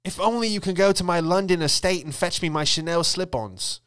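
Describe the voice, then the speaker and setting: A man's voice: sits high, a little fast, fairly bright tone, clean tone, pitched above the performer's own voice. A man voicing a pampered rich woman who complains haughtily about prison. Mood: haughty whining.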